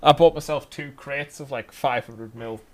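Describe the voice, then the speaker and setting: A man's voice: mid-range voice, normal speed, crowd noise. A man co-hosting a casual podcast, wry and jokey. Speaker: podcast co-host. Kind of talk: casual chat.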